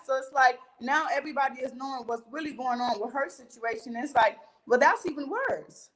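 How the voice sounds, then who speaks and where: Woman, young adult, high-pitched, interview guest, casual animated storytelling, quotes others, swears freely. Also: brisk, hardly any pauses, poor audio. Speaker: interview guest recounting a reality-show fight.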